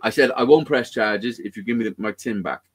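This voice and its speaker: A man on a livestream, telling rough stories in casual chat, swearing constantly and acting out the dialogue. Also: on the low side, a little fast. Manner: swears constantly, acts out quoted dialogue animatedly. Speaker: livestream co-host.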